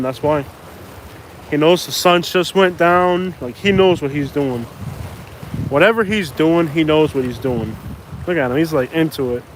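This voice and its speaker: A man live streaming outdoors from a jetty, rambling casually and saying "bro" and "like" a lot. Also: on the high side. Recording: wind noise on outdoor mic.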